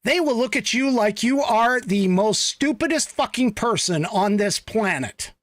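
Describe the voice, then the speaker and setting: A man's voice: high-pitched, lively intonation, a little slow, a bit bright, no echo. A man from the United States hosting a podcast, giving a blunt, emphatic political commentary monologue with profanity. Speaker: podcast host.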